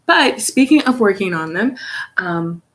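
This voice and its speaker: A woman's voice: medium pitch, lively intonation, measured pace. Chatty young woman live-streaming. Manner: chatty and rambling, many fillers, laughs often. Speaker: vlogger, English teacher in South Korea. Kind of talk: casual live-stream chat. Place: her studio, indoors. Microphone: phone camera.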